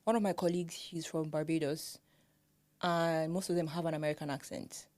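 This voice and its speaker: A young woman with a Nigerian accent chats casually as a podcast co-host, her voice sitting a little low. She gets animated, laughing often and acting out how others pronounce words. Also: fairly quick. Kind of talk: casual chat.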